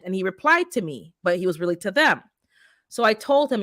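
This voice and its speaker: A woman in casual conversation on her own channel, telling stories with lots of animation and acting out the people on her phone calls. Her voice sits at a medium pitch, and the recording is dry and close with almost no room sound. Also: expressive, quick pace, fairly bright tone, no echo. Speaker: channel host. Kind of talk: casual chat.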